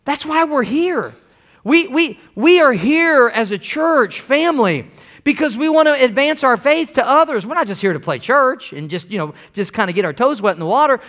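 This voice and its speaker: Bright high-voiced preacher. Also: male voice, animated, moderate pace. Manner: folksy, emphatic preaching with repeated phrases. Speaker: pastor. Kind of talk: sermon. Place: church sanctuary.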